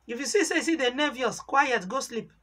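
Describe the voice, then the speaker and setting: A Nigerian woman tells a story from her own life straight to the camera in a loose vlog style. Her voice is bright and forceful. She is animated, slipping into the voices of the people she quotes. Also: sits high, normal speed. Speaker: vlogger. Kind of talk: casual storytelling monologue in Pidgin.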